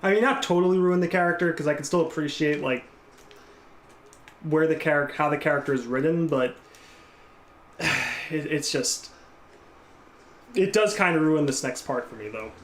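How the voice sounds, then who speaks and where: A man with a slightly high, somewhat bright voice streams gameplay at a moderate pace with long pauses, and the sound is roomy. He rambles casually through live commentary and chats with viewers, reading and answering their messages.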